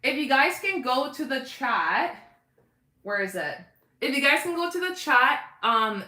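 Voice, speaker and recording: A woman's voice: a little high, sharp tone, echoey room. A young woman hosting a casual livestream, chatting animatedly with her viewers in the chat. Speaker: livestream host.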